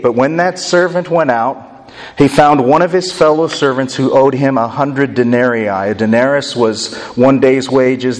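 A man's voice: medium pitch, big-room sound. A man preaching a sermon, retelling a story and acting out its voices expressively. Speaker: pastor.

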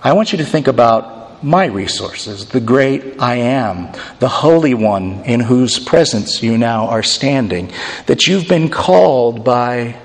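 A man's voice: medium pitch, animated, slow. A man preaching a sermon as pastor, conversational, with dry humorous asides. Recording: long hall reverb.

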